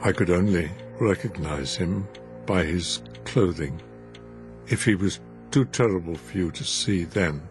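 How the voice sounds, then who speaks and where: A man's voice: deep voice, measured pace, over music. A man voicing a frightened old man who speaks unsteadily. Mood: fearful. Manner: unsteady, shaking.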